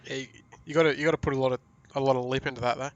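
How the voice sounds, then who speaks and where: A man's voice: mid-range voice, fairly even intonation, rapid-fire, lo-fi sound. An Australian man with an ordinary mid-range voice chats on a live game stream. He sounds easygoing and agreeable, chiming in and going along with the others. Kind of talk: casual live-stream chat.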